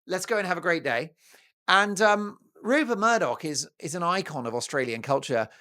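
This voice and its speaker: A man hosting his own talk show, talking straight to his viewers in a jokey, animated monologue. His pitch swings widely as he riffs, teases and drifts into playful asides. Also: normal speed. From United Kingdom. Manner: playful, jokey, breaks into mock Italian and snatches of song.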